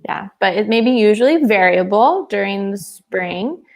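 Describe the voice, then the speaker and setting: A woman's voice: mid-range voice, expressive. A woman co-hosting an English lesson over a video call. She talks thoughtfully and laughs easily. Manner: slow, thoughtful, giggly. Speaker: webinar co-host. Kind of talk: casual online English lesson.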